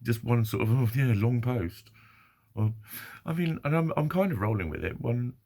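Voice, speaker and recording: Husky, gravelly man rambling. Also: medium pitch, very animated, a little fast, a little mellow. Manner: rambling, sweary, self-deprecating. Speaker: vlogger. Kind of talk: casual monologue.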